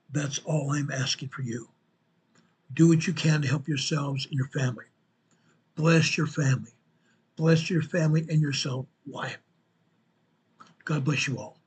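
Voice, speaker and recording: A man's voice: a little high, breathy edge. A man in his sixties, a show host and Sunday school teacher, giving an earnest, repetitive sign-off and reading scripture aloud. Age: 60s.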